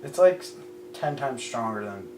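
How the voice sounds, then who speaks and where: A man's voice: medium pitch, lively intonation, a little slow, a little mellow, recorded from a distance. A young man in casual chat among friends, teasing and wry, often trailing off into mutters. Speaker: podcast regular. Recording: echoey room with faint hum.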